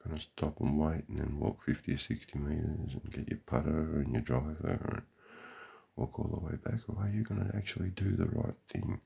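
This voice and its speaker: A man's voice: a bass voice, normal speed, vocal fry, warm tone, husky. An Australian man giving a sarcastic, profane running commentary outdoors beside a golf green. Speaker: vlogger.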